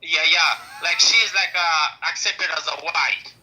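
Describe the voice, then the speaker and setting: A man's voice: a little high, steady tone, a little slow, bright, forceful tone, rough recording. A man who speaks English as a second language, talking in broken English full of fillers as a caller in a heated audio-room argument. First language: not English. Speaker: caller on an audio-app stage.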